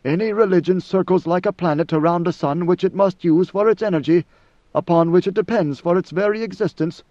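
A man's voice: high-pitched, brisk, dark tone, no echo, pitched above the performer's own voice, natural voice. A man doing an ancient, solemn god-emperor. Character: ancient godlike male emperor, calm, solemn. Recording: dull lo-fi dry recording.

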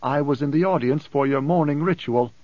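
A man reading an audiobook, voicing a composed, wry man who speaks in a measured, deliberate way. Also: fairly high pitch, a little mellow, no room sound, highs cut off, close to an everyday voice. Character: calm, cool-headed man, dryly amused.

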